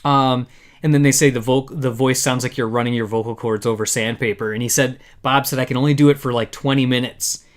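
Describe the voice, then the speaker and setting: Speaking at a middle pitch with a steady tone and a slightly quick pace, this male podcast host runs an informal live conversation. He chats loosely, often breaking off and starting again, and mixes quoted passages in with his commentary.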